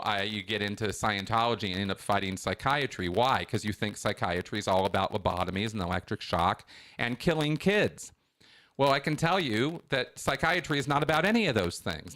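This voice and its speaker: A middle-aged man hosting a call-in show, talking in a casual, animated, emphatic monologue with frequent restarts. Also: mid-range voice.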